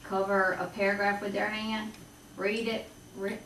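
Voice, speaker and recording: A woman's voice: mid-range voice, little pitch movement, unhurried, fairly bright tone, slight background noise. A woman teacher, explaining reading skills to parents in a matter-of-fact way. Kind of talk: presentation to parents. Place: school classroom. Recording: echoey, distant classroom recording.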